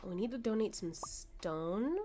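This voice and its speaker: A woman's voice: mid-range voice, lively intonation, unhurried, mellow, faint music behind. A woman streamer chatting casually with her viewers while she plays a cozy farming game. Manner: chatty, reads and answers chat. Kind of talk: casual gameplay chat.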